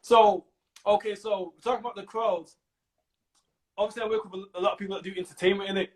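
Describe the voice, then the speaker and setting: Give me a quick-talking man hosting a casual chat. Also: high-pitched, steady tone, poor audio. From Manchester. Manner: easygoing, lots of affirming backchannels. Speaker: interviewer host. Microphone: video call.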